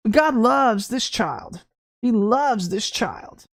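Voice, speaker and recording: A woman's voice: on the high side, lively intonation, extremely slow. A woman from Texas giving an impassioned, blunt spiritual talk to the camera, emphatic and laughing between points. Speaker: Christian ministry speaker.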